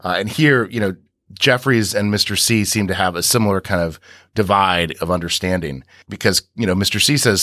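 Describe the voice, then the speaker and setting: Man, deep voice, podcast co-host, rambling with restarts, dry sound. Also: brisk, bright, forceful tone, no echo. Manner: rambling, recaps scenes with many restarts. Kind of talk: casual podcast discussion.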